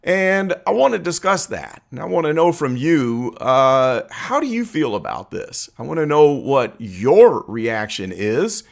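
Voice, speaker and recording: A man hosts a commentary channel in a loose, chatty tone. His voice sits a little high for a man and moves around a lot in pitch. He laughs easily as he asks his viewers what they think. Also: very animated, unhurried, vocal fry, few pauses. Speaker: political commentary channel host. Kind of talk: casual commentary to camera.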